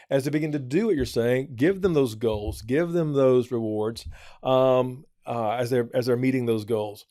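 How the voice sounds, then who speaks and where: A man's voice: mid-range voice, darkish tone, no echo, studio quality. A man on a church program giving earnest parenting advice, often repeating his points for emphasis. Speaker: church family counselor. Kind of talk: advice talk.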